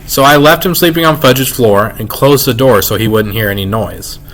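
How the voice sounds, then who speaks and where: A man reads a children's chapter book aloud, telling it in a lively, expressive way. His voice sits at an everyday middle pitch. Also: normal speed, poor audio. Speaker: reader. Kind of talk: reading a children's novel aloud.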